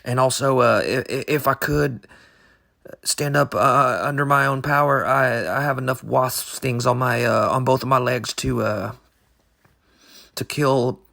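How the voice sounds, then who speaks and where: Man, gravelly voice, halting, rambling, deadpan absurd podcast chat. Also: mid-range voice. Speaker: podcast co-host. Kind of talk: improvised comedy chat.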